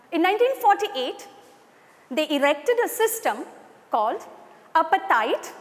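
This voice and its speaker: A woman's voice: high-pitched, long reverb tail. A woman teacher with an Indian English accent giving a recorded online lesson, explaining and addressing her students directly.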